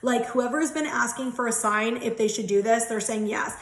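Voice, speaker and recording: Uma mulher de uns trinta e poucos anos faz uma leitura de cartas espirituais em tom de conversa, falante, risonha e com palavrões soltos. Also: female voice, a little high, steady tone, a little fast, reverberant. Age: 30s. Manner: chatty, giggly, swears casually. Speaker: tarot and angel card reader. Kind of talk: casual spiritual card reading.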